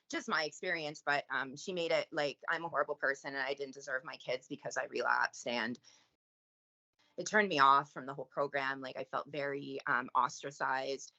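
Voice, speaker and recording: A woman's voice: low-pitched, pushed and bright, dull audio. A Canadian woman talking as a podcast guest in earnest, casual chat with frequent fillers.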